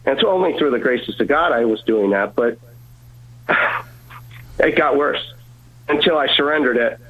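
A man's voice: medium pitch, animated, normal speed, fairly bright tone, low-quality recording. A man as an interview guest, giving an earnest personal testimony and often stumbling over repeated words.

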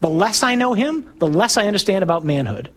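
A middle-aged priest with a slightly high, husky voice gives a talk to his parishioners. He speaks conversationally and throws questions at the room, then pushes into loud, emphatic bursts on his main points. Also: very animated, a little fast. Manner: conversational, asks the audience questions. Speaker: Catholic priest. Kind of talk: talk to a parish men's group.

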